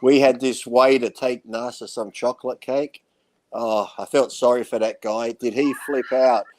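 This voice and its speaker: Mid-pitched man telling road anecdotes. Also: steady tone, moderate pace, a little hiss or hum. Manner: anecdotal, laughing as he tells tales. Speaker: co-host. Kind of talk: casual podcast chat.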